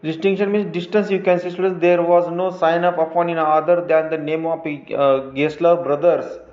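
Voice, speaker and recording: A man with an Indian English accent, teaching a class by reading a story aloud and explaining word meanings, slow and halting, with many fillers and restarts. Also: a little high, little pitch movement, darkish tone. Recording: roomy, dull lo-fi recording.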